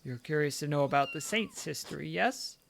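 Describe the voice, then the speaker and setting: A man's voice: on the high side, animated, brisk, vocal fry, fairly bright tone, slight background noise. A man voicing a kindly, sly elderly nun in a put-on British accent with a little cockney in it, as he reads game dialogue aloud.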